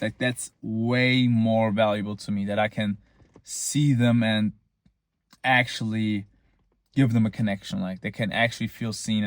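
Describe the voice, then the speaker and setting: A man's voice: medium pitch, dry recording. A young man, rambling casually in a boastful, tongue-in-cheek monologue. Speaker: vlogger.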